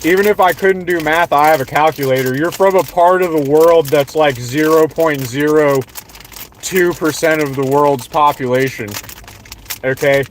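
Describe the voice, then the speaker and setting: Streamer type: young Southern man from Florida, mocking and sarcastic, slightly high voice, repeats lines for effect. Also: moderate pace, a little hiss or hum. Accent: Southern American. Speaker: livestream host. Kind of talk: ranting livestream monologue.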